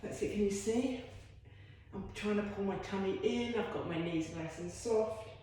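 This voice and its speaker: A woman's voice: medium pitch, moderate pace, dark tone, slight background noise. A woman leading a home workout as a fitness instructor, chatty and encouraging with self-deprecating asides. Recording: very echoey room.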